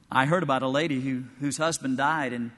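A man preaching a sermon in a church sanctuary, telling stories with animated, emphatic delivery. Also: medium pitch, big-room sound. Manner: animated storytelling preaching, rising to emphatic peaks.

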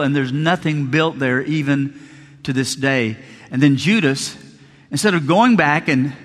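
A male pastor preaches in church, earnestly telling Bible stories and acting out the quoted lines. His voice is on the high side and a bit bright, with a long reverb tail.

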